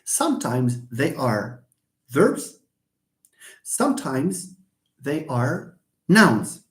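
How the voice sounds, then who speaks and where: A man teaching English pronunciation in a live online lecture, slowly repeating words and drilling syllables aloud. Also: medium pitch, sing-song, a bit bright, echoey room.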